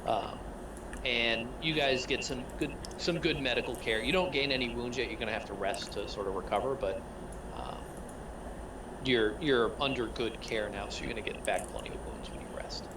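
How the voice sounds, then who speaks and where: A man's voice: mid-range voice, moderate pace. A man runs a tabletop game, narrating loosely with "uh"s and "like"s as he goes. His voice sits in the middle of the male range. He sounds far from the microphone, with heavy background noise. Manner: rambling, filler-heavy narration. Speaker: game master.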